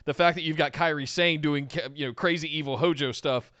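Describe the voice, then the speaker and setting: A man from South Carolina co-hosting a casual wrestling podcast, with a slightly higher, bright and forceful voice. He gushes enthusiastically about what he loves. The sound is dry and close to the mic. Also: steady tone, a little fast, dry recording. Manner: enthusiastic, gushing reactions. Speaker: podcast co-host.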